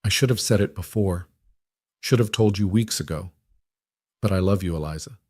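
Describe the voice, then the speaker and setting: A man voicing a rugged, protective cowboy who speaks quietly and with restraint. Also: low voice, normal speed, breathy edge, dry recording, studio quality. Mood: remorseful, tender.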